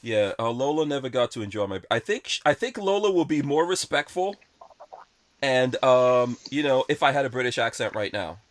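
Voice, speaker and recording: A man's voice: mid-range voice, lively intonation, moderate pace, dry recording. A man hosting a podcast, chatting casually and rambling through his opinions. He speaks bluntly, in an ordinary middle-range voice. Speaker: podcast host. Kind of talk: casual chat.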